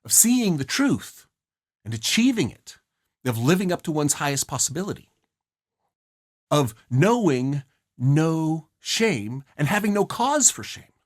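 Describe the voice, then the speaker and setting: A man presenting a study guide, explaining a novel's scene and song lyrics in an earnest, emphatic way. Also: fairly high pitch. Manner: earnest, emphatic, rises sharply on key phrases.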